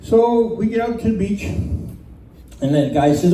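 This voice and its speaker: A man telling a personal story live to a room, animated and laughing as he goes. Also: high voice, normal speed, far from the mic. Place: community center room. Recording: roomy hall recording from off-mic.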